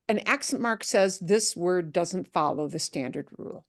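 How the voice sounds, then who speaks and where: A woman teaching a Spanish pronunciation lesson, repeating words slowly and playfully. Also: medium pitch, expressive, dry recording, clean studio sound.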